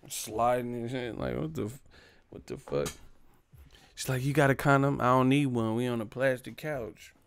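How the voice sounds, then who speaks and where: Young male streamer, gravelly voice, loose profane comic storytelling, dry close mic. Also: mid-range voice, no room sound. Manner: profane, storytelling, reads chat names, laughs loudly. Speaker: livestream host. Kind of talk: casual comedic rant.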